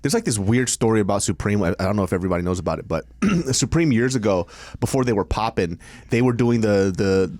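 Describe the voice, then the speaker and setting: A man's voice: lowish voice, lively intonation, fast, darkish tone, no echo. A man co-hosting a podcast, laughing often, swearing and telling stories in casual banter. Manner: laughing, profane, storytelling. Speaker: podcast co-host.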